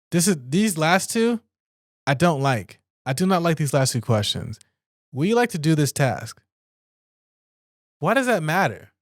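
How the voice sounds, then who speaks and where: A man's voice: no room sound, studio quality. A man hosting a solo podcast, reading out points and ranting about them in a casual, swearing way. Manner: casual, ranty, swears, bursts of high-pitched exasperation; reads aloud and comments with asides. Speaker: podcast host.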